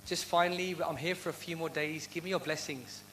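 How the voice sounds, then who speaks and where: Earnest guy doing a devotional q&a talk, kinda high voice, faint hum behind. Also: steady tone, a little fast, sharp tone, rough recording. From United Kingdom. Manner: earnest, heartfelt, asks rhetorical questions. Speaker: guest speaker answering audience questions. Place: university lecture event.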